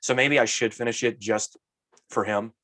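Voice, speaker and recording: A man co-hosting a podcast in casual chat, ranting about a movie with exasperated, animated asides. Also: mid-range voice, normal speed, dry recording. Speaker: podcast co-host.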